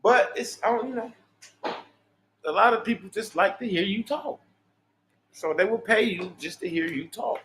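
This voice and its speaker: A man's voice: sits high, moderate pace, long pauses, a bit bright, a little hiss or hum. A man, hosting a livestream and ranting in a profane, preachy, boastful way. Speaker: livestream host. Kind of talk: unscripted livestream monologue.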